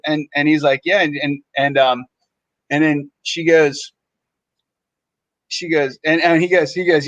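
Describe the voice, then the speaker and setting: Animated man telling a story. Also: on the high side, unhurried, long pauses, no room sound. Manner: animated, acts out other people's lines in shifting voices. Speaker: podcast co-host. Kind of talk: casual storytelling chat. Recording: dull lo-fi sound.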